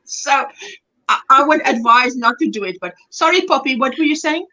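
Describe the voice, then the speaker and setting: Brief: chatty woman host from South Africa, bright and a bit high, laughs a lot. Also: expressive, moderate pace. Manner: chatty, laughs often, greets viewers by name. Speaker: livestream host. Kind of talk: casual chat while reading viewer comments.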